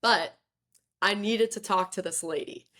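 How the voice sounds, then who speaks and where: A young woman, a podcast guest, telling a story in lively, chatty conversation and often saying "like". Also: mid-range voice, measured pace. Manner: lively, chatty, fills talk with "like". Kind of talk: casual storytelling interview.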